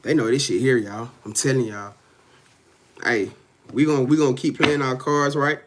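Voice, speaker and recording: On a live stream, a tarot reader speaks to his audience in a medium-pitched, steady voice at normal speed, with slight background noise. He's casual, profane and emphatic, says things more than once, and laughs a lot.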